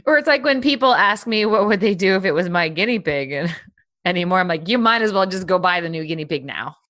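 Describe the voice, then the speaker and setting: A woman's voice: on the low side, animated, brisk, fairly bright tone. A woman hosting a casual podcast chat, leading segments and laughing often. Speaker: podcast host.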